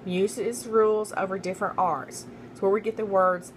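Woman slowly reading study notes aloud. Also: mid-range voice, fairly even intonation, a little hiss or hum, rough recording. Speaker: student making a study guide.

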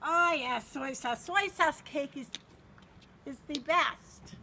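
A woman's voice: sits high, takes it slowly, full character voice. An older woman doing an impression of a famous TV chef in a playful mock cooking demo, fluttery and exclaiming as she bosses her helper in a home kitchen. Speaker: grandmother hosting a mock cooking show. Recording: home video with loud background noise.

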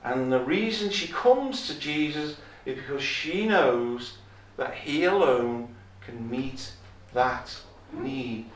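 A man's voice: mid-range voice, expressive, slow, fairly bright tone. A man preaching a sermon, emphatic, repeating key phrases and raising his voice when he quotes scripture. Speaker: visiting preacher. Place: chapel. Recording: echoey chapel, from far off.

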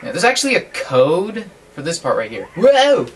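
A man casually commentating while he plays a video game, chatty and joking with sudden excited yelps. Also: a little high, a little fast, slight background noise. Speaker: guest player commentating. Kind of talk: casual let's-play commentary. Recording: from a distance with game music behind.

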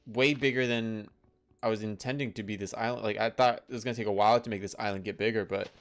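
A young man doing casual gameplay commentary, chatty and excitable, talking to the animals in the game. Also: on the low side, quick pace. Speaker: gaming YouTuber.

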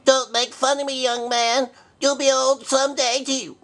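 A man's voice: level tone, moderate pace, a bit bright. A man voicing a forgetful, cranky old male bear rabbi who hosts a puppet comedy show, bumbling and stubborn. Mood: indignant. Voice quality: high-pitched, bumbling and cranky. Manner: forgetful, stubborn, easily flustered. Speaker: show host.

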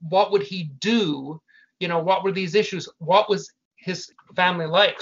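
An older man, a family business founder, talks as a guest in a relaxed conversation with a voice that sits high and a touch bright. He tells his stories earnestly and keeps restarting his sentences. The audio is muffled and lo-fi.

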